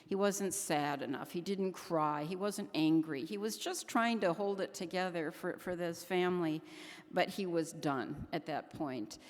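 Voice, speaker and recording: An older woman gives an earnest keynote at a conference, her low voice echoing through a large hall. She speaks haltingly and keeps restarting her sentences.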